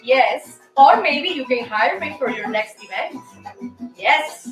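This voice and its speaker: High-voiced Cuban-accented woman teaching dance. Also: slow pace. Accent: Cuban Spanish. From Cuba. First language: Spanish. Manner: lively, counts out beats rhythmically. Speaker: show host and dance teacher. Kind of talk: dance lesson. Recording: roomy room, distant mic, faint music.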